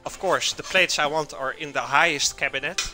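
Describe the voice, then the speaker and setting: A man's voice: a little high, moderate pace, music in the background. A man streaming live from his home kitchen, chatting casually and answering viewer chat while he cooks.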